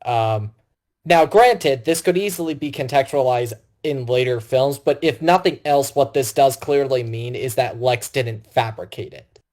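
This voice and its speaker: A man's voice: medium pitch, unhurried, a little mellow. A man co-hosting a podcast film review, rambling casually and retelling scenes by acting out the lines.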